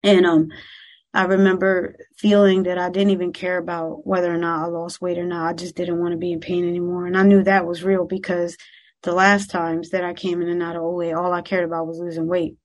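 Candid, halting woman sharing her testimony. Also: lowish voice, monotone. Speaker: recovery meeting speaker. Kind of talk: personal testimony.

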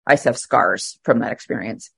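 A middle-aged woman speaking at a twelve-step meeting, sharing her recovery story in a candid, emotional way with halting fillers. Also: a bass voice, gravelly, breathy edge, no room sound, clean studio sound. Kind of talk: personal recovery share.

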